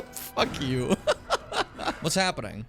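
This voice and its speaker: A young man streaming a video game, reacting with loud, profane outbursts, shouted taunts and frequent laughter. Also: a little high, wildly swooping pitch, extremely slow, vocal fry, faint music behind. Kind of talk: live gameplay commentary.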